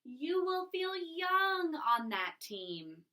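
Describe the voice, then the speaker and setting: A woman voicing a cheerful, excited older woman neighbor from a storybook, slow and emphatic. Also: extremely high pitch, voice pushed up, heavily acted.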